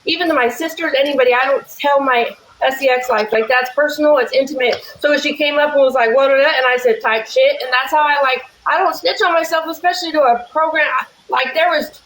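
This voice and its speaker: A woman in casual chat who talks fast and rambles, blunt and profane. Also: high voice, fairly bright tone, reverberant, slight background noise, rough recording. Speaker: livestream guest.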